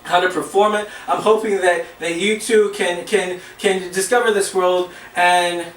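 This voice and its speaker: Hesitant high-voiced man giving a speech. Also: steady tone, unhurried, a bit bright. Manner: hesitant, many fillers and restarts. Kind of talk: classroom speech. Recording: echoey room, mic at a distance.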